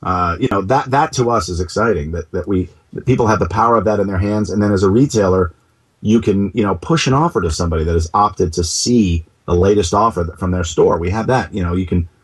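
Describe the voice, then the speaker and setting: A man being interviewed as a company co-founder, talking in an animated, jokey way. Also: deep voice, fast talker, slightly rough. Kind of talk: casual interview.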